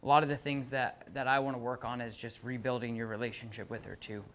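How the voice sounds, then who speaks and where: A man's voice: mid-range voice, little pitch movement, quick pace, fairly bright tone, slight background noise. Earnest man explaining dog training. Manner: earnest, many restarts, acts out dog and owner. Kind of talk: explaining to a client.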